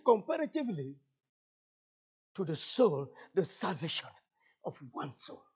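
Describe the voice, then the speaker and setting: A man from Cameroon with a Cameroonian French accent, whose first language is French, preaching a fervent sermon as a guest pastor, repeating phrases and rising to shouts. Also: a little high, very animated, measured pace, pauses often, breathy edge, muffled recording.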